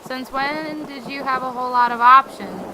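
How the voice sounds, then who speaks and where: A woman reading the lines of a blunt, weary middle-aged mother aloud from a game, with loud exasperated outbursts. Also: high-pitched, steady tone, normal speed, background noise, natural voice. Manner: blunt, exasperated, raises her voice often.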